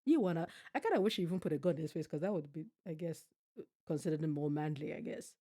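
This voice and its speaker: A woman reacts to a TV show on her stream in a low, gravelly voice. She is blunt and profane, riffing on her own jokes and repeating lines for effect. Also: fast, dark tone. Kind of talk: casual reaction commentary.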